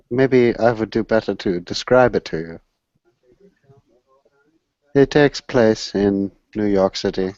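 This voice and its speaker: A man speaks in a slow, mock-formal, theatrical manner while telling a story. His voice sits mid-range. The recording is dull, lo-fi and dry. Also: fairly low pitch, a little mellow, dry recording. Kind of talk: casual chat in a mock-refined manner.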